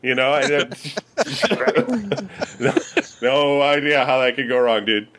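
A man's voice: medium pitch, takes it slowly, slight background noise. A man with a Midwestern American accent telling rambling, profane stories to friends, laughing and acting out the people in them. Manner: swearing, laughing storyteller with lively quoted voices. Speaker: podcast regular. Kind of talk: casual storytelling among friends.

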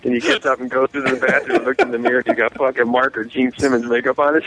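A man speaks fast at medium pitch, barely pausing, as he spins long, profane party stories among friends and acts out everyone's lines in animated voices. It's a muffled, lo-fi recording with a faint hiss.

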